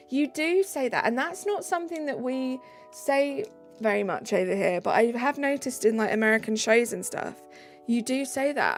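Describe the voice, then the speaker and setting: British woman streamer, casual chatter, gravelly fry, soft music underneath. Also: high-pitched, normal speed. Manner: chatty, reads out viewer comments. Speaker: live streamer. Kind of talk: casual live-stream chat. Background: faint background music.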